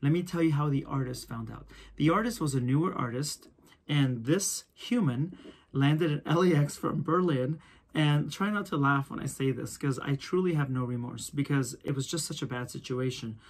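A male photographer telling a story to camera in a casual, animated way. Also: medium pitch, normal speed, slightly rough. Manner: animated, acts out quoted voices. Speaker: photographer and video host.

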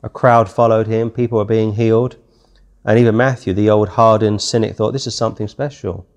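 Here a British man's lowish, darkish voice comes across flat and moderately paced. He teaches a verse-by-verse Bible study in a chatty way, reading out the text in King James language.

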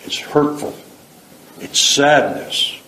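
A man's voice: fairly high pitch, takes it slowly, pushed and bright. Middle-aged man, earnest plain-spoken testimony, echoey hall. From Canada. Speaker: speaker giving his testimony. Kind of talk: personal testimony. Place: church hall. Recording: echoey hall, faint background hiss.

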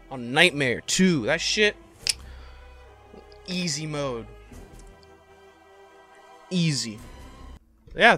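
A man giving casual, profane gameplay commentary, excitable and prone to yelling. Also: a little high. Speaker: let's play gamer.

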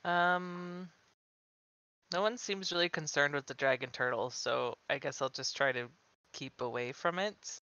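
A player in a casual tabletop game, giggly and unhurried. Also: medium pitch, sharp tone, clean tone, no echo, muffled recording.

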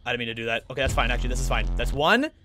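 A young man livestreaming a video game, chatting with viewers and excitedly coaxing the characters on screen. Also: mid-range voice, very fast, faint music behind. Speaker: gaming streamer. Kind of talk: casual livestream gameplay commentary.

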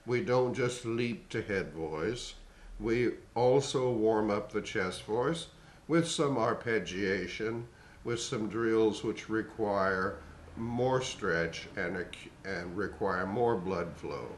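An older man in his sixties gives a singing lesson, talking slowly in a measured, explanatory way. His voice sits a little low, and the room around him rings with echo. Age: 60s. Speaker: voice teacher.

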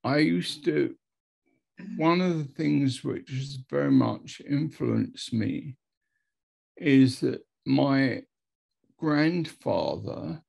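A man who is an Anglican priest, telling a testimony story slowly and dramatically over a video call, repeating words and acting out quotes. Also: mid-range voice, vocal fry, a little mellow, breathy edge. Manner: slow, repetitive, dramatic retelling with acted quotes.

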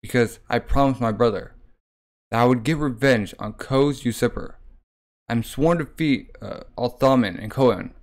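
A man's voice: mid-range voice, moderate pace, lightly acted. Guy reading young prince set on revenge, earnest, kinda troubled.

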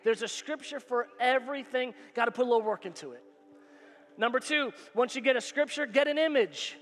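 In a church sanctuary, a male pastor delivers a sermon in an extremely high, slightly bright voice at a brisk clip. He is emphatic and repetitive, using call-and-response phrases, and the hall reverb carries faint music underneath.

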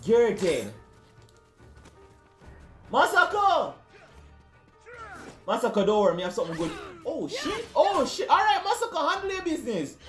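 A man's voice: extremely high pitch, very animated, quick pace, few pauses, roomy sound, faint music behind. A young man giving rowdy, slangy gameplay commentary. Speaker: gaming video creator.

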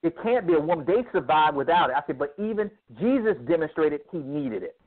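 Male guest speaker, lively preacher-style delivery, heard down a phone line. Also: on the high side, brisk. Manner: emphatic, preacherly, acts out dialogue. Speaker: guest speaker on men's ministry. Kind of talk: animated interview storytelling.

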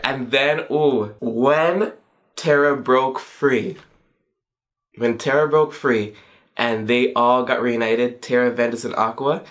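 A young man in his twenties reviews a game in an excitable, gushing way. His voice jumps sharply upward whenever he acts out his own reactions, and his speech is loose and full of casual slang. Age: 20s. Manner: excitable and gushing, with pitch leaps on quoted reactions.

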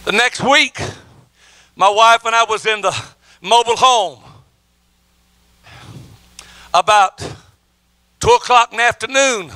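Male evangelist, middle-aged, bright high voice, emphatic sermon storyteller who stammers and restarts. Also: no room sound. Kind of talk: sermon testimony.

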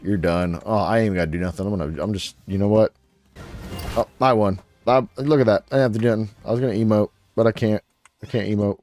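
A young man hosting a gaming channel, giving playful, casual commentary on his gameplay and talking to the creatures on screen. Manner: playful, talks to his creatures, sudden excited jumps in pitch.

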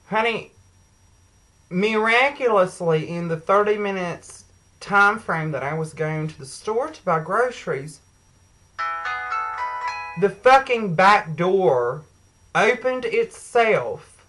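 A woman's voice: fairly low pitch, lively intonation, takes it slowly, long pauses, fairly bright tone, poor audio. Profane, fired-up woman ranting. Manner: profane, sassy, heated storytelling. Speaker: vlogger. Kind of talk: angry rant to camera.

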